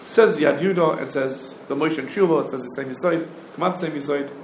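A man gives a Talmudic lecture in a fairly high voice, pressing each point with quick questions that climb upward. The room gives his voice a noticeable echo, and a faint ambience hums underneath. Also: slight background noise. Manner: rapid questioning, rising challenges. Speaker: religious law teacher.

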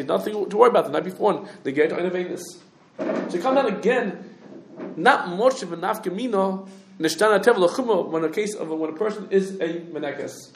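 A man teaching a halachic lecture, talking quickly with restarts and lots of Hebrew and Yiddish terms. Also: sits high, gravelly, roomy sound. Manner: rapid, halting, many restarts, heavy Hebrew terms. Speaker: Torah teacher.

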